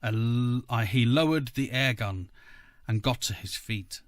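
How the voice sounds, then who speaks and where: Slow, measured male story reader. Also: medium pitch, dry recording, studio quality. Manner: measured, first-person narration. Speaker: podcast co-host reading a story. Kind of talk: audiobook reading.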